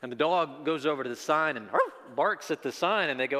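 A man's voice: on the high side, brisk, bright, forceful tone, long reverb tail. A man preaching a sermon as pastor, telling a folksy joke story with self-deprecating asides before moving into the text.

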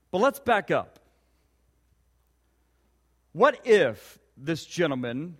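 Guy preaching a sermon, pretty high voice, earnest questions, lots of hall echo. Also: fairly bright tone. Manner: earnest storytelling with rhetorical questions. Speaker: pastor.

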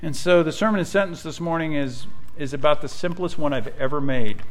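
A middle-aged man preaches a sermon in a somewhat high voice. He talks conversationally, full of personal stories and small fillers. At key points he climbs into fervent, lifted emphasis. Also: brisk, slight background noise. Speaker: pastor.

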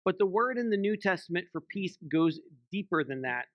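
Here a church elder with a high, expressive voice gives a sermon at a moderate pace, keeping it conversational with frequent "right?" tag questions to the congregation. The recording is dry and the audio dull.

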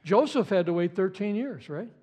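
Guy preaching a sermon, pretty high voice, fired up, keeps repeating himself. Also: expressive, moderate pace, dark tone, slightly rough. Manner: impassioned, repeats words, stammers on restarts. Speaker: pastor.

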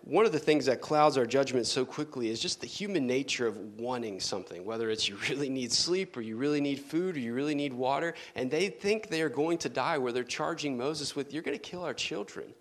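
A man preaching a sermon in an earnest manner, dropping to soft, low tones for emphasis. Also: a little fast, few pauses.

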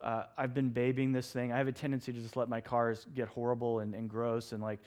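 A middle-aged man preaching a sermon in a church, telling stories with animated, acted-out outbursts. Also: mid-range voice, brisk. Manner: animated storytelling, acts out his own shouts. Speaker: pastor.

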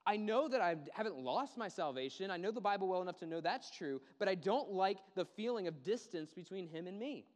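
Earnest preacher in a big reverberant hall. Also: male voice, animated, fairly quick, hardly any pauses. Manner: earnest and emphatic, repeats words, dips low and quiet for weight. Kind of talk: sermon.

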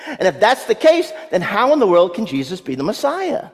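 Lively high-voiced preacher in echoing hall. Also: male voice, moderate pace, slightly rough. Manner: vivid dramatic storytelling with humor. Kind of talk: sermon.

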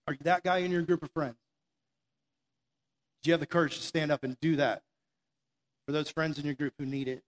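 A male preacher with a fairly high voice gives a fired-up sermon from a stage. He talks in a loose, conversational way, firing rhetorical questions at the listeners. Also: fairly quick, pauses often. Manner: energetic and conversational, with lots of "like". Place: stage before an audience.

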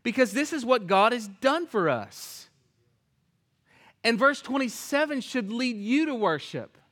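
A man preaching a sermon in a church, reading scripture aloud and acting out its lines, swinging from loud emphasis to hushed whispers. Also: very high-pitched, sing-song, a little slow. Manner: reads scripture aloud and acts out the characters' lines. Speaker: pastor.

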